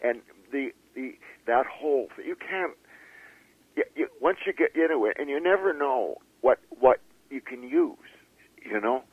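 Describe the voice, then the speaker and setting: A man, an author being interviewed, talking in a halting way with many fillers and restarts. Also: mid-range voice, expressive, husky, no echo, narrow, tinny audio. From Canada. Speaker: author guest. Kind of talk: interview conversation.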